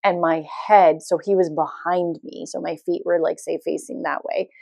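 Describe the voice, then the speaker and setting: A woman's voice: lowish voice, moderate pace, creaky, no echo. Woman, podcast host, casual storytelling, laughs a lot, dry close sound. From Canada. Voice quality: loud laugh. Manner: animated, laughs often, acts out quotes.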